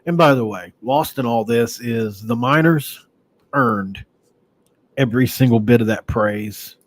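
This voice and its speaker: A man's voice: mid-range voice, unhurried. Rambling, sighing sports podcast man. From Mingo County, West Virginia, USA. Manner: rambling and conversational, with sighs and restarts. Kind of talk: casual sports commentary.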